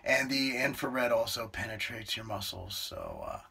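A man's voice: mid-range voice, huge pitch swings, moderate pace, vocal fry, pushed and bright. A middle-aged man vlogging casually about his meals, blunt and joking, with some swearing. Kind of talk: casual vlog narration.

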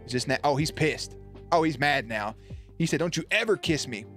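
Lively hyped streamer man. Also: a little high, normal speed, faint music behind. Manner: hyped, playful, swearing, sportscaster-style calls. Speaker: streamer commentating marble races. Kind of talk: casual livestream commentary.

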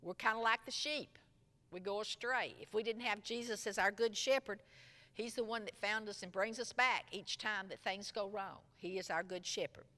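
A woman teaching a Sunday school lesson, retelling a parable in an expressive storytelling way. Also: mid-range voice, normal speed. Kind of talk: Bible lesson. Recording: long echo from a large room.

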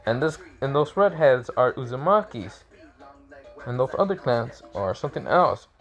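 A man's voice: mid-range voice, very animated, normal speed, highs cut off. A bewildered elderly village leader caught off guard, played by a man narrating a fan story. His voice sits in an ordinary mid range and keeps rising into confused questions, with faint music in the background. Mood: baffled.

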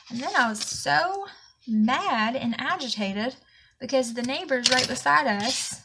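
A planner vlogger with a Southern US accent and a slightly high, gravelly voice tells a long, indignant, rambling story in a chatty vlog. She sounds a bit out of breath, with background noise.

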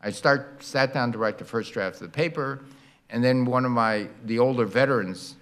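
An older man giving a public university lecture, explaining science with animated sound effects and demonstrations. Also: medium pitch, moderate pace. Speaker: guest lecturer. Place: lecture hall.

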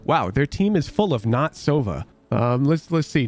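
A male game coach talking over a match review in a casual, sweary way. He is blunt and emphatic, and his pitch sits in the middle. He hammers points home by repeating lines sarcastically, with faint music behind him. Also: sing-song, normal speed, hardly any pauses.

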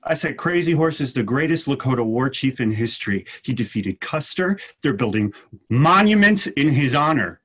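A man's voice: medium pitch, animated, normal speed, fairly bright tone, husky, highs cut off. A man playing a desperate young man who tells his sister of his arrest, delivering the monologue rawly in acting class. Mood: fired up. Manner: raw, intense, driven monologue delivery. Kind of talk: scene work in an acting class.

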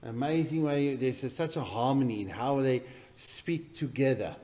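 Pastor preaching emphatically. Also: male voice, mid-range voice, normal speed. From South Africa. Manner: emphatic preaching, swinging from loud bursts to quiet intensity. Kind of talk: sermon. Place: church.

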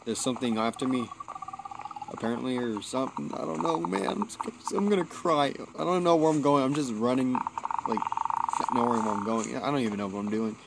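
A man giving casual let's play commentary, excitable and jumpy, swearing when startled. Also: mid-range voice, a little fast, creaky, background noise. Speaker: gameplay commentator.

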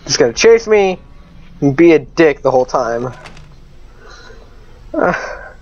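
A man commentating a horror game, jumpy and swinging from muttering to panicked yelling, his voice cracking from screaming. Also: fairly high pitch, big pitch swings, normal speed, dull audio. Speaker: let's play gamer.

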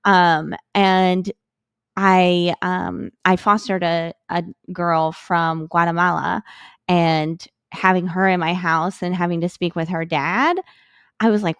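A woman's voice: on the low side, fairly even intonation, takes it slowly, smooth, no echo, studio quality. A woman from the United States, a podcast guest, talking in a chatty, filler-heavy conversational way. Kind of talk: casual conversation.

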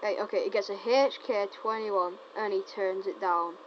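A woman rattles off casual gameplay commentary, teasing and excitable, tripping over her own words. Her voice sits at an ordinary pitch for a woman. The recording is muffled and lo-fi, with a faint hiss underneath. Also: moderate pace. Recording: dull lo-fi recording with faint noise.

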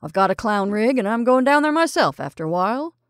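A woman voicing a stern but hearty middle-aged gentleman who booms his lines loudly, in a dry recording. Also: sing-song, brisk, no room sound. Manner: booming and exclamatory.

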